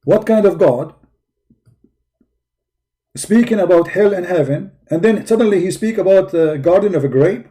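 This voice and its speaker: Sarcastic, dark-voiced male call-in host. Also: high voice, lively intonation, normal speed, long pauses. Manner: sarcastic, teasing, sing-song mockery. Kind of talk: mocking call-in chat.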